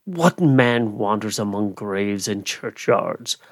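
A man voicing a stern, leering male goblin who questions slowly and menacingly in a storybook reading. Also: lowish voice, lively intonation, no echo, studio quality, pitched below the performer's own voice.

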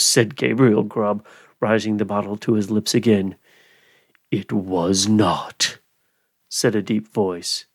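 A man hosting a podcast, giving a slow, expressive reading of a Victorian ghost story. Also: mid-range voice, no echo, clean studio sound. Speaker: podcast host.

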